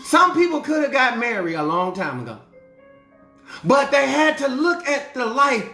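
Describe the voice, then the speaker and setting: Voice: sits high, very animated, moderate pace, sharp tone, soft background music. Emphatic preacher in an echoey room. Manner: emphatic, colloquial preaching with repeated refrains. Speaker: preacher and life coach. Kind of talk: motivational sermon. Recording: roomy echo.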